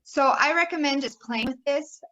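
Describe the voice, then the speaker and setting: A woman's voice: high-pitched, normal speed, bright, forceful tone, dull audio. Upbeat woman presenting a workshop. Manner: upbeat, demonstrates sounds by exaggerating stress.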